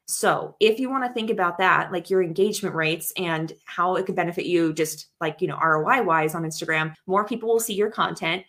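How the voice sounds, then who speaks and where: A woman's voice: on the low side, brisk, hardly any pauses, a bit bright. A woman co-hosting a podcast in casual chat, earnest and chatty, often acting out quotes from other people. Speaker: podcast co-host.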